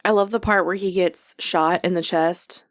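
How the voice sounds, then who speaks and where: A woman's voice: on the low side, steady tone, normal speed. Blunt, laughing female podcast co-host. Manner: laughs often, profane and blunt. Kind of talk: casual chat.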